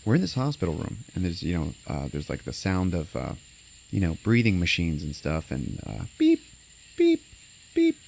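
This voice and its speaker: Low-voiced man rambling through a movie recap. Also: big pitch swings, brisk, creaky. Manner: rambling, many fillers, acts out quotes. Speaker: podcast co-host recapping a movie. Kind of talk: casual movie recap chat.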